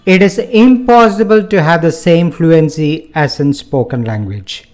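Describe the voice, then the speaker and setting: A man teaching a language lesson online, explaining in a measured, earnest way and using simple analogies. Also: a little high, darkish tone, faint music behind.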